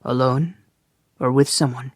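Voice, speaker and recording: A narrator voicing a dry-humored young Scottish man on the run, who speaks in a wry, low and understated way. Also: fairly even intonation, measured pace, no echo, lightly acted.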